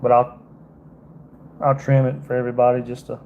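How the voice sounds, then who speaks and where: A man's voice: mid-range voice, completely flat delivery, normal speed, phone-quality sound, a little hiss or hum. A man from Georgia with a Southern accent, a fishing guide giving a casual, folksy fly-tying demonstration on a livestream and chatting to his viewers. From Georgia, USA. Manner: folksy, chatty, keeps calling viewers "y'all".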